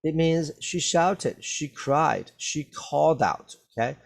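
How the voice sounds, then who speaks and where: A man's voice: fairly high pitch, animated, slow pace, creaky. A male English teacher who explains words to young learners patiently and repeats each point with "okay?". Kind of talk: slow reading lesson for learners.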